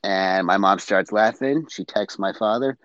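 Low-voiced man telling a story, lo-fi mic. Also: a little slow, fairly bright tone, no room sound. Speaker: guest. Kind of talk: casual storytelling.

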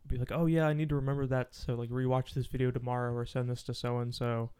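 A young man chats on a podcast in a relaxed, filler-heavy way. His mid-range voice is smooth and clear, and he talks casually. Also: medium pitch, fast talker. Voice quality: laid-back, filler-heavy talk. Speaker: podcast co-host. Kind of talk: casual chat.

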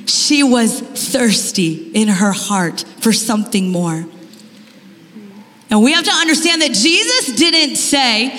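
A woman giving a sermon at a conference, telling stories in an animated way with rising, emphatic questions. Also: a little high, slow pace. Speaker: conference speaker. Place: conference hall. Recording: long hall reverb.

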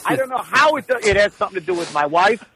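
A man telling rambling comic stories in a casual, profane, animated way. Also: high voice, fast talker, husky, low-quality recording. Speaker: regular of the show. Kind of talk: casual comedic storytelling.

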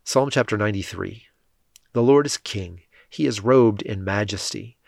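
A scripture reader narrates in a steady, measured way, his low voice slightly creaky. The recording is dry, with no room sound around it.

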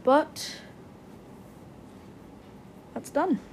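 A young woman hosting a gaming podcast, giving gushing commentary and repeating her excited exclamations. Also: extremely slow, slight background noise. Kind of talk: game commentary.

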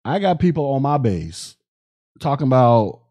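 A man's voice: mid-range voice, big pitch swings, normal speed, mellow, muffled recording. A man hosting a podcast, telling a story in a loose, casual way with heavy slang, profanity and frequent restarts. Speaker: podcast host.

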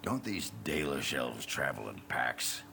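An actor playing a gruff male warrior companion in a game, blunt and grumbling. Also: extremely low pitch, sing-song, measured pace, sharp tone, slight background noise, full character voice.

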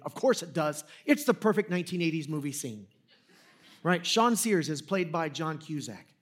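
Higher-pitched pastor telling stories. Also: male voice. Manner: conversational storytelling, self-deprecating, frequent restarts. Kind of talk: sermon.

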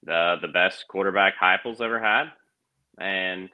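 A man's voice: low-pitched, unhurried. A man as a podcast guest in casual sports chat, thoughtful and hesitant, often restarting his sentences. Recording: dull lo-fi audio.

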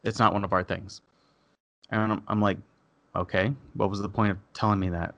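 Low-voiced man telling a story. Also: brisk, gravelly, no room sound. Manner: animated, swearing, acts out quoted people. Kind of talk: casual storytelling chat.

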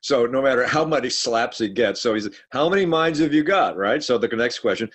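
A man in casual discussion, reading texts aloud in a measured way and sometimes laughing. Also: mid-range voice, lively intonation, fairly bright tone, husky.

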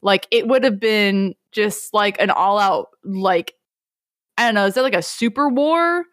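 A woman recapping an anime in casual podcast chat, rambling and animated with lots of fillers. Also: medium pitch, measured pace, no echo, clean studio sound. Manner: rambling, animated, many fillers, laughs easily.

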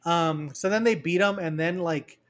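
A man's voice: a little high, normal speed. Chatty man riffing on a movie. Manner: animated, acts out characters in mocking quoted voices. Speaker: podcast co-host. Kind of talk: casual movie review chat.

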